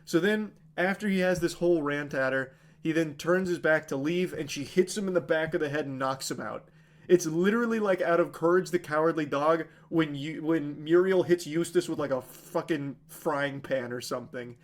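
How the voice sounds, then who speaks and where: A man's voice: on the high side, moderate pace. Exasperated, foul-mouthed male streamer. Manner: sarcastic, exasperated, swears freely; rambling with many fillers like "like". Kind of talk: casual movie recap on a live stream.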